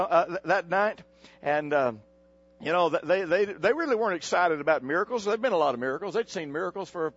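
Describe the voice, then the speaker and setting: A male pastor delivering a folksy sermon, calling on the congregation to repeat his words and jumping up into sudden exclamations. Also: highs cut off. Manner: preaching with call-and-response to the congregation; folksy, animated, with sudden pitch jumps.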